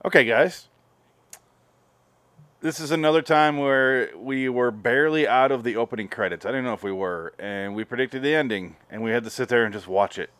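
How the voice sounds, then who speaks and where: A man's voice: mid-range voice, moderate pace, fairly bright tone, smooth, dry recording. A man hosting a podcast in casual, rambling, profane chat. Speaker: podcast host.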